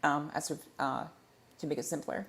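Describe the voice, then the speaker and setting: A man's voice: fairly high pitch, steady tone, moderate pace, vocal fry, fairly bright tone. A man hosting a casual livestream Q&A into a desk microphone, rambling playfully and tripping over his words as he corrects himself. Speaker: livestream host.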